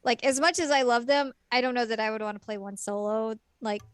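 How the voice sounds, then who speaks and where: A woman's voice: on the high side, a little fast, fairly bright tone, clean tone, no echo, studio quality. A woman co-hosting a podcast in casual chat, easygoing, mostly reacting briefly. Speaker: podcast co-host.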